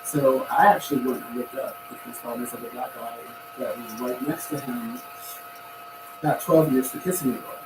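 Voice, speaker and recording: A man hosting a casual podcast chat, rambling and complaining with animated energy. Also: mid-range voice, normal speed. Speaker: podcast host. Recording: echoey room, far from mic, noisy.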